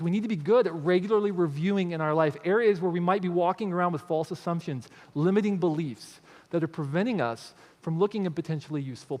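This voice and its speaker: A man with a notably high voice gives a motivational talk from a stage, telling stories in a lively, conversational way. He keeps checking in with the listeners as he goes. His voice carries a long reverb, as if filling a large hall. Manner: storytelling, with frequent tag questions. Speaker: speaker on creativity.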